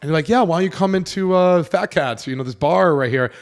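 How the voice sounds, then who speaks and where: A man in his twenties hosting a podcast, telling a personal story in a casual, animated way and acting out the voices of the people in it. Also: a little high, brisk. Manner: animated, acts out quoted voices, swears casually. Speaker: podcast host.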